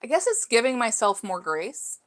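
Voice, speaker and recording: A woman's voice: fairly high pitch, very animated, normal speed. A middle-aged woman hosting a casual live chat from home, reading viewer comments aloud and musing on her life with fillers and restarts. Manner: chatty and self-reflective, with frequent fillers. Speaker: live stream host.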